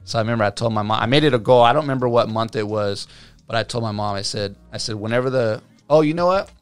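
A man's voice: mid-range voice, fast talker, smooth, faint music behind. A man in his thirties, a tattoo artist guest, telling his story casually and acting out what people said. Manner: animated storyteller, acts out quotes, many fillers.

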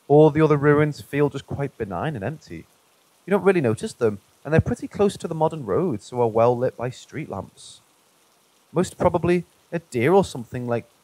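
A man reading true paranormal stories aloud in a calm, even narration. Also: medium pitch, slightly rough, dry recording, low-quality recording. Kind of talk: scripted narration.

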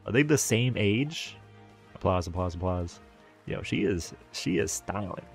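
Gravelly-voiced man joking through a game. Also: low-pitched, expressive, a little slow, soft background music. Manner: joking, swears, laughs often. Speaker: streamer. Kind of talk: casual gaming commentary.

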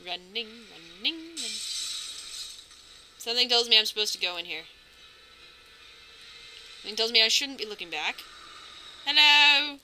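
A woman's voice: mid-range voice, fast talker, pauses often, background noise. A woman commentating her game playthrough, chatty and narrating her moves, with nervous reactions. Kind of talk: let's play commentary.

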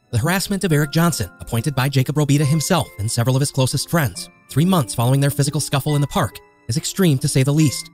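A man's voice: on the high side, a little mellow. A man narrating a true crime story in a grave, scripted way. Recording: faint music underneath.

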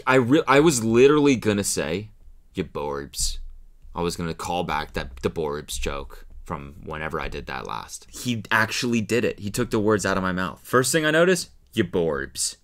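A man riffs on a dating clip with sarcastic, swearing commentary. His voice sits low but swings widely up and down. He keeps a mocking tone throughout. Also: very animated, moderate pace, hardly any pauses, fairly bright tone. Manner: sarcastic, profane, mocking impressions. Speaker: host reacting to a video. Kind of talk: comedic commentary.

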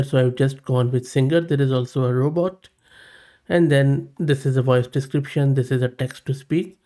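A man hosts a tech walkthrough, talking casually and thinking aloud as he goes. His voice is mellow and gravelly, with a relaxed, mid-pitched tone. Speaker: tech channel host. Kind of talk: tutorial screen demo.

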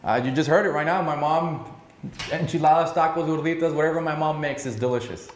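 A man's voice: fairly high pitch, a little fast, slight background noise. Man, thirties, broker being interviewed, upbeat, emphatic, "uh" fillers, echoey room. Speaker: real estate broker interviewee. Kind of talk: rapid-fire Q&A answers.

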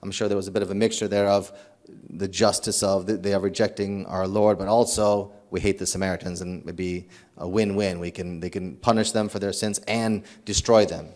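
A man's voice: low voice, brisk. A man, a priest, preaching a sermon in an earnest, storytelling way, with frequent restarts and repeated words. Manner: earnest, animated storytelling with acted quotes.

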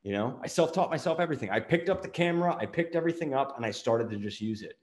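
A middle-aged man hosting a motivational business talk, energetic, firing off rapid rhetorical questions. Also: medium pitch, roomy sound. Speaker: marketing agency owner and show host.

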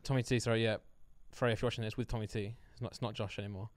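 A man's voice: fairly low pitch, steady tone, no room sound, clean studio sound. A young man co-hosting a podcast, chatting casually and telling playful, jokey stories full of fillers. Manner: quick, jokey, playful storytelling with lots of fillers. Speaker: podcast co-host. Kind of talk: casual chat.

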